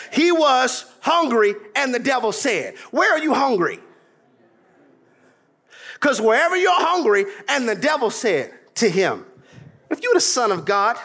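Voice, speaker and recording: Male pastor, sermon delivery, very high animated voice, comic asides and shouts. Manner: preaching with humor and sudden shouts, mimicking voices.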